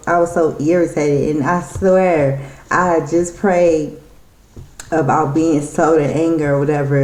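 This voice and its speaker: A woman's voice: sits low, darkish tone, roomy sound. A woman telling a story in a casual vlog, rambling and irritated, with many restarts. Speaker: vlogger.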